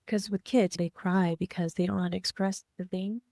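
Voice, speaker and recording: A woman co-hosting a podcast, speaking softly and reflectively in casual heartfelt chat. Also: lowish voice, fairly even intonation, a little fast, dry recording, clean studio sound. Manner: reflective, soft-spoken, many fillers. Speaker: podcast co-host.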